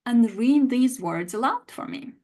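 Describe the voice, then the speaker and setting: A woman's voice: a little high, measured pace. A woman teaching a live online language lesson, talking straight to her viewers and answering their chat replies. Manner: lively, animated, talks to viewers directly.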